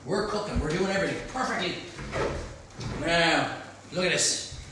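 A man with an Irish accent hosting a live cook-along in a home kitchen, chatty and excitable, full of exclamations. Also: a little high, normal speed. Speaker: chef host. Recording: very echoey room, faint noise.

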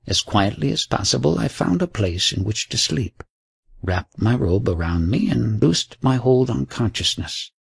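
A man narrates a first-person story in a measured audiobook read. His voice sits low with a gravelly, husky grain. The delivery rises and falls expressively, and the sound is close and dry. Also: no room sound.

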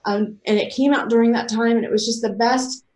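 An American woman with young children, giving an earnest, emotional faith testimony that moves between soft reflection and excited outbursts. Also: fairly high pitch, brisk, echoey room. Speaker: author and speaker.

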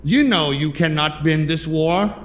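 An actor playing a calm, taunting male enemy propaganda radio announcer in a wartime broadcast clip, speaking in a measured, coaxing way. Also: fairly high pitch, a little hiss or hum. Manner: measured, coaxing, repeats the listener's title.

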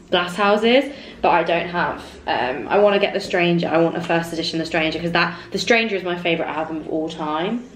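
Young English female vlogger, twenty, low-ish voice, chatty and excitable, filmed in a bedroom with faint noise. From England. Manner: gushing, excitable, says "literally" and "like" a lot. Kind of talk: casual vlog chat. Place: small bedroom indoors with fairy lights.

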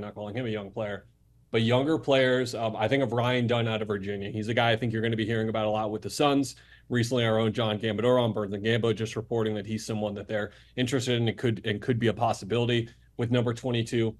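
A young man, a sports reporter guest, talking fast and animated in a casual podcast chat, full of restarts. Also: mid-range voice.

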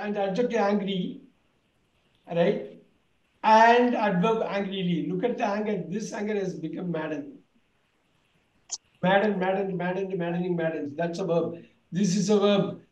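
Male teacher, high-pitched, roomy echo; drills word families and quizzes the class. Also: a little mellow, dull audio. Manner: drilling, repeats words, quizzes students. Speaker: English teacher. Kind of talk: online vocabulary lesson.

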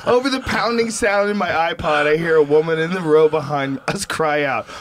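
A man's voice: a little high, moderate pace, few pauses, background noise. A man chatting casually on a podcast, reading a passage aloud and reacting. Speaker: podcast host. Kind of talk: casual chat.

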